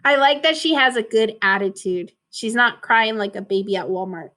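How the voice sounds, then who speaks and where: A woman reading a picture book aloud to children, stopping to ask questions and explain words in an animated, giggly way. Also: on the high side, moderate pace. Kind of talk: storybook read-aloud with commentary.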